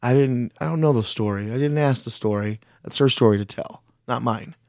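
A man's voice: medium pitch, fairly quick, darkish tone, no room sound, studio quality. A man telling a long story in casual chat, blunt and frank, swearing often and rambling, and openly critical of himself. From Mexican heritage.

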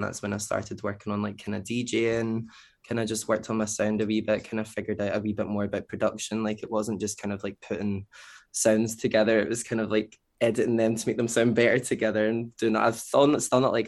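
A man's voice: fairly low pitch, vocal fry. A young Scottish man chatting casually as a podcast guest, rambling loosely with lots of fillers. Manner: relaxed and rambling, heavy on fillers. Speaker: guest, producer and DJ.

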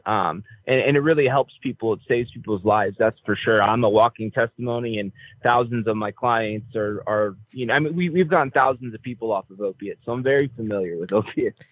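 A man's voice: fairly low pitch, brisk, no room sound. Man, hesitant, stammering, tinny phone line, dry sound. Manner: hesitant, stammering, laughs nervously. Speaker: caller. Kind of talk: phone interview.

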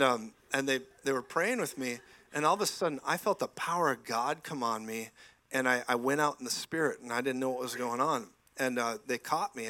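A man in his forties preaching a lively sermon in a church, telling stories with laughing asides and frequent bursts of praise. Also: medium pitch. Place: church sanctuary.

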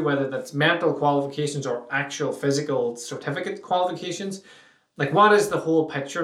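A blunt man talking on his own podcast, cursing freely and mimicking whiny questions. His voice sits a bit high and sounds a little away from the mic in an echoey room. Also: recorded from a distance. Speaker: podcast host. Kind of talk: solo podcast monologue.

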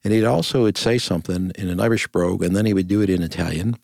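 Gravelly low-voiced older man. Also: fast talker, darkish tone, no echo. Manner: storytelling, earnest, repeats phrases in lists. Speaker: interview guest. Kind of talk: reflective conversation.

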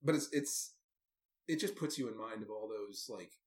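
A man's voice: fairly low pitch, normal speed. A man casually recapping a movie with a co-host, wry and amused, with lots of asides. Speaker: podcast co-host. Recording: roomy echoey room.

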